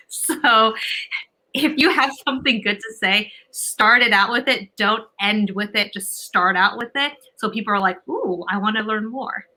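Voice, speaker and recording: A woman speaking as an expert guest with a bright, forceful tone. She explains her points confidently and emphatically, often tagging sentences with a quick "right?". Her delivery is instructive and direct. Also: medium pitch, rough recording. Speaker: communication coach guest. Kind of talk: advice-giving interview talk.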